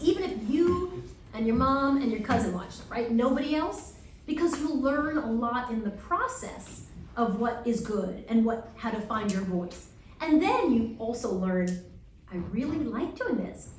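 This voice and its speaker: Distant animated woman in an echoey hall. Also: mid-range voice. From Long Island, New York. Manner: animated, acts out voices in quick asides. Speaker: guest speaker answering student questions. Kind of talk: lively advice talk at a Q&A. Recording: echoey room, heard from far off, faint noise.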